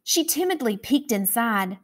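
A woman with an American accent reading a children's picture book aloud, expressive and animated, taking on voices for the characters. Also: a little high, a little slow. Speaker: school academic coach reading aloud. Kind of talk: children's storybook read-aloud.

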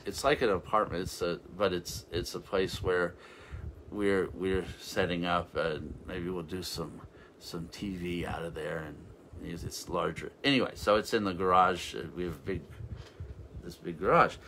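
Rambling low-voiced male minister. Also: a bit bright, slight background noise. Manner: rambling, halting restarts, frequent hallelujahs. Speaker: revival minister. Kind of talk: informal sermon talk.

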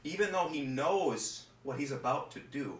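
A man who is a pastor, reading scripture and preaching at home in an earnest, halting way that repeats words. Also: fairly high pitch, expressive, a bit bright, distant mic. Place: home room. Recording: roomy echo, voice from off-mic, faint room noise.

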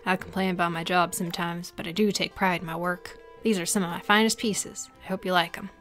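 A woman voicing a gruff male village blacksmith in a video game, with a grumbling, low-key manner. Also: steady tone, fairly quick, fairly bright tone, faint music behind, lightly acted. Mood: proud.

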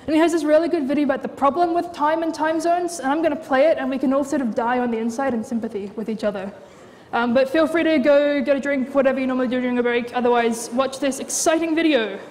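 A woman's voice: sits high, fast, a little mellow. A woman lecturer teaching a class in a casual, chatty way with frequent fillers. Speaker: university lecturer. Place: lecture hall. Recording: lecture hall reverb.

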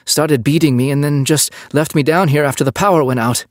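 A man's voice: fairly high pitch, steady tone, brisk, no room sound, voice pushed up, lightly acted. A man voicing a battered, scheming American man who pleads in a strained, raised voice, recorded close and dry. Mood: desperate.

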